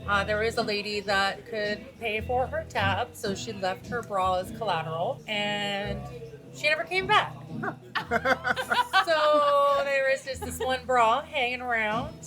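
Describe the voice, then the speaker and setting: Bartender lady chatting, kinda high voice, music playing behind. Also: unhurried. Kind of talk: casual explanation. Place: bar indoors.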